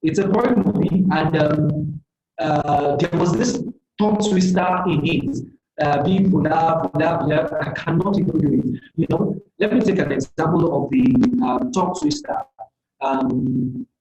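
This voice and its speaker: Seminar speaker, motivational, halting with fillers, warm mellow tone, echoey room. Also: mid-range voice, expressive, dull audio. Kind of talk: online career seminar talk. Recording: roomy echoey sound.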